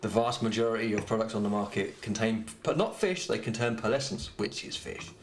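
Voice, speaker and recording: A man's voice: on the low side, a little fast. A man co-hosting a podcast, rambling in casual chat and swearing freely. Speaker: podcast co-host. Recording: echoey room with faint noise.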